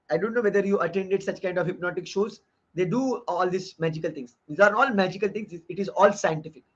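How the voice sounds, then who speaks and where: Man, high-pitched, online course lecturer, explanatory, repeats himself, muffled lo-fi recording. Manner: earnest and explanatory, often repeating phrases. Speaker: course lecturer reviewing a book. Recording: dull lo-fi audio.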